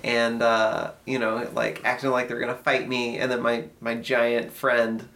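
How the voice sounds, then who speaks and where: A man from a band recounts a brief story in a plain, mid-pitched voice. He talks in halting bits, starting over and padding with fillers as he goes. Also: monotone, a bit bright. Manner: halting, filler-heavy telling. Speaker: band member. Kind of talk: casual anecdote.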